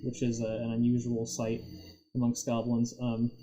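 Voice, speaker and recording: A man's voice: medium pitch, completely flat delivery, moderate pace, warm tone, low-quality recording. A man narrating a tabletop game as game master, rambling with many fillers and frequent laughs.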